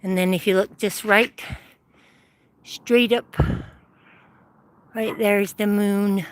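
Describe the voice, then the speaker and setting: With a handheld phone, an older woman livestreams casual, wandering chat to viewers while walking outdoors at sunset. She talks slowly in a medium-pitched, steady tone.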